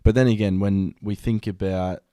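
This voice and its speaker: A man's voice: fairly low pitch, steady tone, moderate pace, mellow, dry recording, studio quality. A man, co-hosting a podcast and telling a story in casual chat. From Australia. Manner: storytelling, laid-back. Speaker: podcast co-host.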